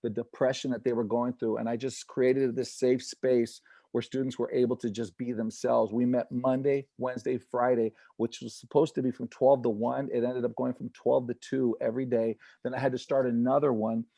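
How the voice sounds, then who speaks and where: An earnest man who is a comedian and inspirational speaker gives a motivational talk over a video call. His voice is mellow and relaxed, sitting in a middle pitch and recorded dry and close. He acts out the people he quotes with lively voices. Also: normal speed, creaky, no echo.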